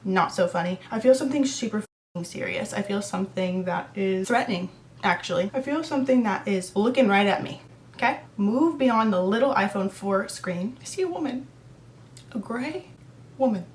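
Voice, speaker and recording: A woman's voice: medium pitch, lively intonation. Young woman telling a spooky story. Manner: dramatic, emphatic, swearing, quick asides. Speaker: psychic vlogger. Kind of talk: casual storytelling.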